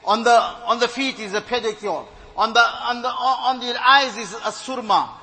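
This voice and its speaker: A man's voice: very high voice, moderate pace, sharp tone, rough recording. A man preaching a sermon, earnest and exhorting, telling stories with retold dialogue.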